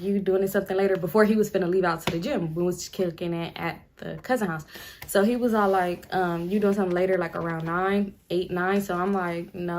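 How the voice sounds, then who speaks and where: A woman's voice: lowish voice, a little hiss or hum. Chatty young woman telling a story. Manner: rambling, chatty, talks straight to viewers; slangy, laughs through the telling. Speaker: storytime vlogger. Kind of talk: casual storytime chat.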